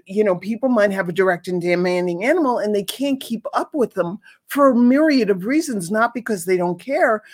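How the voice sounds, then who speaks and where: A woman's voice: mid-range voice, a little mellow. A woman reviewing pet toys in a casual chat, rambling and enthusiastic with many restarts.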